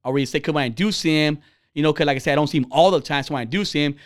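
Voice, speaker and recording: A man hosts a casual podcast, his voice sitting a little high for a man. He talks bluntly and swears often, getting heated and animated as he tells his stories. The sound is close and dry, with no room echo. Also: racing. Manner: profane, blunt storytelling. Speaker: podcast host. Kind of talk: casual chat.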